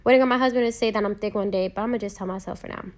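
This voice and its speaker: A woman's voice: mid-range voice, racing. A woman home cook talking viewers through a recipe in a casual voice-over, chatty and joking with playful asides.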